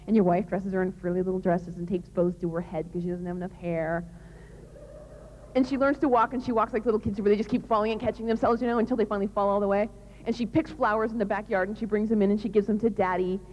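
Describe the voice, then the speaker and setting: A woman's voice: mid-range voice, fairly even intonation, fast, darkish tone, slight background noise. A woman giving a live talk to an audience, telling a story and asking them rhetorical questions. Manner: addresses the audience directly. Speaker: public speaker on love and marriage. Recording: dull, lo-fi recording.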